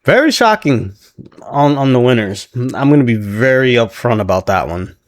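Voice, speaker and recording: A man casually recapping a wrestling show, laughing often and quoting the wrestlers in an animated way. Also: medium pitch, moderate pace, no echo. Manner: laughs often, animated retelling with quoted voices.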